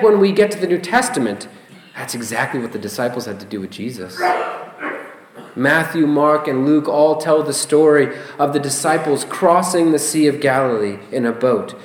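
A man preaching a sermon as a pastor, expressive and emphatic, often asking rhetorical questions. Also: fairly high pitch. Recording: roomy echo.

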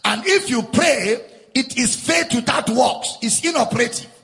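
Emphatic, gravelly-voiced preacher in a hall. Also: male voice, very high-pitched, animated, moderate pace, bright, forceful tone. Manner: emphatic preaching with repetition and sing-song stresses. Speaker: pastor. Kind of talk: sermon.

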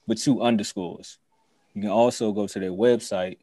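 A man hosting a podcast in a casual, joking way, reading a sponsor spot and spelling things out slowly. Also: lowish voice, steady tone, mellow, dry recording. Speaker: podcast host. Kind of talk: casual podcast chat with an ad read.

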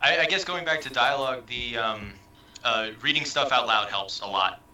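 A soft-spoken man who speaks with hesitant pauses. His voice has a bright edge, and his pitch is mid-range. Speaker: panelist. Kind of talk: casual panel chat.

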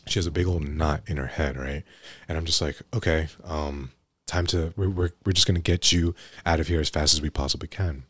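Young guy with a super deep voice, rambly story, lots of "right?", dry close sound. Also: fairly even intonation, brisk, fairly bright tone, husky, no room sound. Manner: rambling, many restarts and "right?" tags. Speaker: guest EMT telling stories. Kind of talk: casual podcast storytelling.

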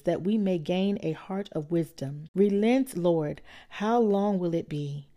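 Lady doing a slow earnest bible reading, lowish warm voice. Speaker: Bible reader. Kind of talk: scripture reading.

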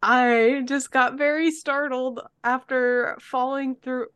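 A woman's voice: high-pitched, fairly even intonation, takes it slowly, a bit bright, clean tone. A woman playing her character in a tabletop game, apologetic and hesitant, laughing often. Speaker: player. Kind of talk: in-character role-play.

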